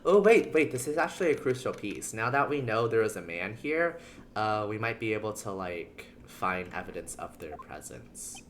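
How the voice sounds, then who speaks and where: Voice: mid-range voice, big pitch swings, normal speed, a little hiss or hum. A streamer giving casual commentary while playing a game, chatty and joking in reaction to the story.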